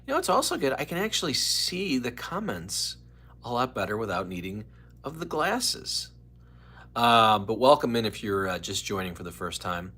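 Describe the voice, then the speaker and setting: A man's voice: lowish voice, sing-song, moderate pace, bright, forceful tone, breathy edge. A man hosting a casual live stream from home, rambling and chatty as he greets viewers by name.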